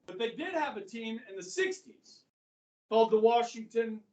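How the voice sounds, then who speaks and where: A man's voice: very high-pitched, expressive, moderate pace, a little mellow, highs cut off. Man, Kansas accent, history teacher, casual lecture, recorded from far off. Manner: chatty, checks in with frequent "okay?". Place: school classroom. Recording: echoey classroom from far off.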